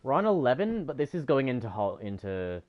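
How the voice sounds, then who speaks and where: A man's voice: mid-range voice, sing-song, brisk, highs cut off. A male streamer giving live gameplay commentary, rambling and self-critical about his own mistakes.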